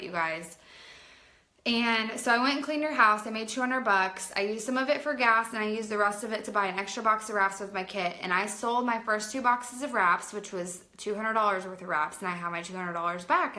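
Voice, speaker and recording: A woman in her late twenties telling a personal story to camera in a chatty, animated way, with plenty of "like". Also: mid-range voice. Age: late 20s. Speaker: vlogger. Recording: roomy echo.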